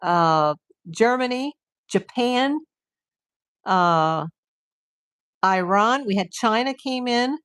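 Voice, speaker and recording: A woman streaming live from home, chatting casually with her viewers and rambling with lots of "like". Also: mid-range voice.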